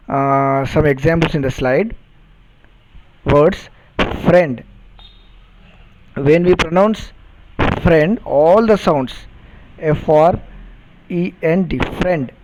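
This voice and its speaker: A man teaching a phonetics lesson, repeating words and spelling them out deliberately, and checking understanding with questions. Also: fairly high pitch, darkish tone, lo-fi sound, a little hiss or hum. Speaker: English teacher. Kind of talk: recorded phonetics lecture.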